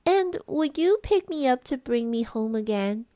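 A woman voicing a sleepy little boy in a bilingual storybook reading, asking soft, drowsy questions. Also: high voice, expressive, moderate pace, no echo, clean studio sound, pitched above the performer's own voice.

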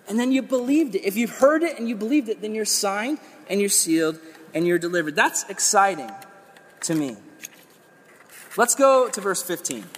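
A man preaching a sermon in an energetic, conversational way with playful asides, his voice a little strained as he is losing it. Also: sits high, husky, big-room sound.

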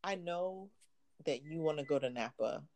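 A woman's voice: low-pitched, normal speed, darkish tone. A woman chatting casually as a co-host, playful and teasing, laughing easily. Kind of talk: casual chat.

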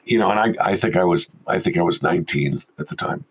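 Husky older man telling war stories. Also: sits low, fast talker, low-quality recording. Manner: animated storyteller who acts out quoted voices. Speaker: guest, veteran film sound mixer. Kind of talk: casual interview storytelling.

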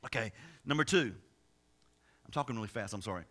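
A man preaching a sermon as pastor, talking in a quick, conversational way with many restarts, jokes and asides. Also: mid-range voice, animated, pushed and bright.

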